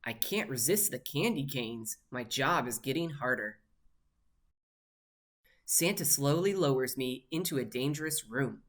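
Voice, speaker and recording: A woman's voice: rumbling low, lively intonation, measured pace. A woman reading a rhyming picture book aloud in a cheeky, sprightly first-person manner. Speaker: storybook reader.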